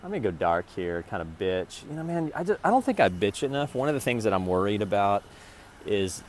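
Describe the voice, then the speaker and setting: A man's voice: lowish voice, sing-song, brisk, slight background noise. A man rambling and swearing in a casual vlog, talking to his phone camera from a parked vehicle. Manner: rambling, profane, talks to camera in bursts. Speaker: vlogger.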